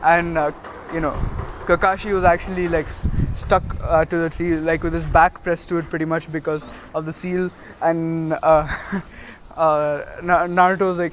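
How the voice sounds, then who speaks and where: A man's voice: fairly high pitch, flat delivery, normal speed, a bit bright, slight background noise. A young man casually retelling a fan story, rambling with lots of fillers and little laughs.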